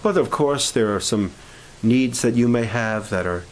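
Man, minister leading a camp prayer meeting, halting informal sermon delivery, mid-pitched, faint room noise. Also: rough recording. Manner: halting, with many restarts, rising fervor.

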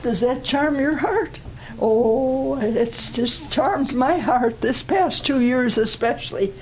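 An older woman giving a personal testimony at a church gathering, telling her story in an earnest, deliberate way. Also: high-pitched, darkish tone, slight background noise, rough recording.

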